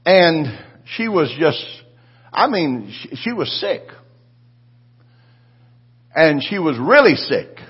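A pastor in his seventies telling a testimony in a sermon, his voice rising to shouted declarations. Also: a little high, very animated, slow pace, long pauses, husky, dull audio.

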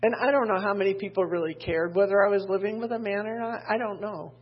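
An older woman preaches from a church pulpit in a fast, medium-pitched, slightly rough voice. She speaks candidly, drifts into personal stories with self-deprecating asides, and reads scripture aloud, all on a dull lo-fi sermon recording.

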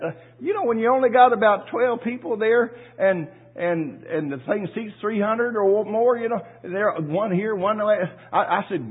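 A husky-voiced male pastor preaches in a folksy, story-telling way, stumbling over repeated words before building to loud cries of praise. His voice sits a little high for a man. The audio is thin and narrow, like a phone recording. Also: moderate pace, hardly any pauses. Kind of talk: sermon with storytelling.

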